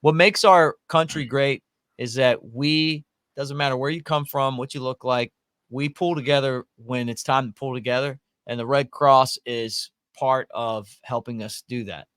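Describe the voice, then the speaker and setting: A man's voice: medium pitch, steady tone, measured pace, a bit bright, clear, resonant tone, no echo, clean studio sound. A man hosting a casual sports talk show, rambling and folksy with many restarts. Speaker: podcast host.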